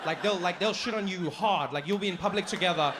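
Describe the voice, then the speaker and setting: A man from South Africa performs stand-up on a theater stage, talking to the crowd in an animated, conversational way. His voice sits fairly high. A long theater reverb and a faint hiss surround it. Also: fast. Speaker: stand-up comedian. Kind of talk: stand-up comedy.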